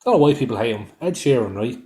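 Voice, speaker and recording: A man's voice: medium pitch, lively intonation, quick pace, warm tone. A man with an Irish accent, co-hosting a podcast in casual chat, blunt and swearing often. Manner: blunt, swears often, loses his thread. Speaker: podcast co-host.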